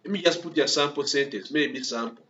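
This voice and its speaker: A man with a voice a little higher than usual walks through code as he types it, repeating himself and tacking "okay?" onto nearly every phrase. The recording is dull and lo-fi, with a faint hiss underneath. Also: fairly quick, pushed and bright. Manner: repetitive, constantly checks in with "okay?" and "yeah?"; talks through typing step by step, restarts words. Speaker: coding instructor. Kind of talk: screen-recorded coding tutorial.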